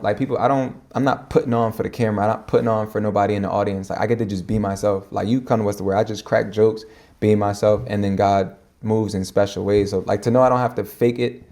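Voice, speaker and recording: Fast-talking low, gravelly man. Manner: fast-talking, slangy, animated. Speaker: podcast guest and minister. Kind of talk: casual conversation.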